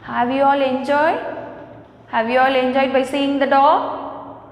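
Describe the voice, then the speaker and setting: A woman's voice: sits high, fairly even intonation. A woman teaching kindergarteners in an online lesson with an Indian English accent, asking the class the same questions again and again. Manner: slow, repetitive questions to the class. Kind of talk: online lesson for young children. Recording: echoey hall, voice from a distance.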